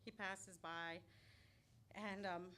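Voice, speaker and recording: A woman from Albuquerque telling a true story on stage in a small restaurant, lively and laughing often. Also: mid-range voice, extremely slow. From Albuquerque, New Mexico. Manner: lively, laughing often, loud acted outbursts. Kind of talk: live personal storytelling. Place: small restaurant venue, live audience. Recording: live room with faint background noise.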